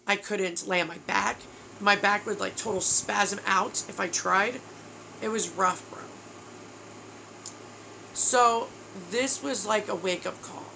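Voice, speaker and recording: A woman's voice: medium pitch, creaky, pushed and bright, slight background noise. A woman in her thirties from New York, telling a personal video diary in a candid, emotional way, tired and close to tears. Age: 30s. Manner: candid, emotional, says bro. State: tearful, exhausted. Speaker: vlogger.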